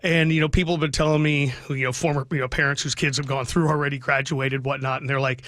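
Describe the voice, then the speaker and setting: A man's voice: medium pitch, level tone, fast talker, a bit bright, no room sound. A middle-aged man, a radio sports broadcaster, talking heartfelt and rambling about his son in a radio interview, choking up at times.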